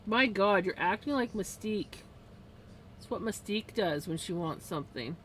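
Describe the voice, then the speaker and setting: A woman chatting casually on a crafting livestream, laughing often and cooing softly at her pet. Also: medium pitch, animated, moderate pace, a little hiss or hum. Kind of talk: casual chat.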